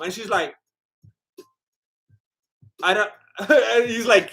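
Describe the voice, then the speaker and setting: A man hosting a live fight watch-along, chatting casually to his chat, laughing often and retelling moments in quick quoted voices. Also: high voice, pushed and bright, husky.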